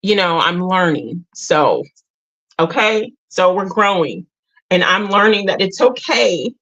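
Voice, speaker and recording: A woman's voice: fairly low pitch, expressive, slow, fairly bright tone, muffled recording. A middle-aged woman hosting a casual livestream. She talks straight to her viewers, earnest and emotional. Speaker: livestream host.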